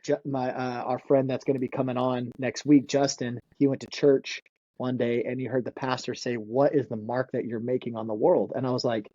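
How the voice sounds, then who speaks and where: Excitable man, dry lo-fi sound. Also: mid-range voice, fairly quick, no room sound. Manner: excitable, repeats words, laughs often. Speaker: podcast guest. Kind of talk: casual interview chat.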